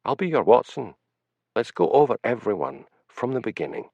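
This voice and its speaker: A man's voice: mid-range voice, very animated, normal speed, gravelly, darkish tone, dry recording, highs cut off. A male narrator voicing an anxious young woman who talks in an urgent, pleading way. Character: anxious, earnest young woman reporter with second sight.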